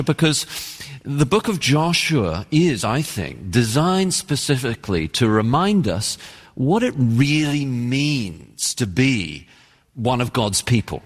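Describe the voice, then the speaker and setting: A man's voice: medium pitch, breathy edge, big-room sound. A man with an English accent, a pastor preaching an earnest, emphatic sermon. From England. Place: church sanctuary.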